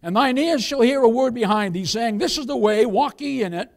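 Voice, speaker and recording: Male pastor, high voice, emphatic preaching, speaks straight to his congregation. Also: fairly quick, a little mellow. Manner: preaching with rising emphatic calls, addresses the congregation as beloved. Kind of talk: sermon. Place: church.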